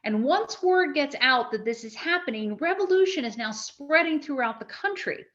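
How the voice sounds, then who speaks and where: A woman giving a live history lecture to an audience, talking in a conversational, animated way with frequent restarts. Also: high voice, moderate pace, muffled recording.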